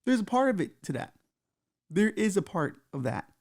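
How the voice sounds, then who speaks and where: Male podcast host, fairly high and gravelly, loose and profane, riffs in a comedic monologue. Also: sing-song, normal speed, a little mellow. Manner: loose, profane, riffing with asides.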